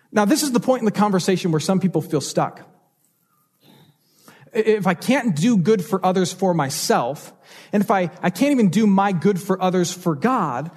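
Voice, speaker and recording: A man's voice: high-pitched, a little mellow, breathy edge. A man preaching a sermon as pastor, telling stories and asking rhetorical questions with changing emphasis.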